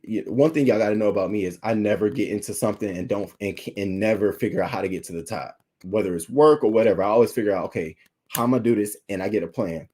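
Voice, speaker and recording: A man's voice: fairly low pitch, mellow. A young adult man hosting a livestream, talking candidly and emotionally to his chat, holding back tears and thanking viewers by name. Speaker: YouTube livestream host.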